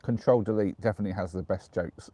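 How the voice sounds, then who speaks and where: An Englishman on the lower side of pitch talks fast and casually on a live stream from dark woods at night. He giggles as he reads viewer jokes aloud.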